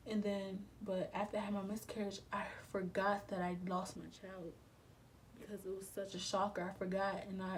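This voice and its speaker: A woman's voice: mid-range voice, a little mellow, a little hiss or hum, rough recording. A young adult woman telling a personal story in a casual storytime vlog. She speaks candidly and emotionally, with slang, swearing and repeated phrases. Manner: subdued and emotional. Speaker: vlogger.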